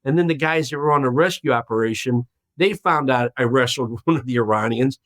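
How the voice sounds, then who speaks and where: A man in his sixties, a podcast guest telling a long story in a lively way and acting out the voices of the people in it. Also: medium pitch, fairly quick, no room sound. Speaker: guest, former hostage.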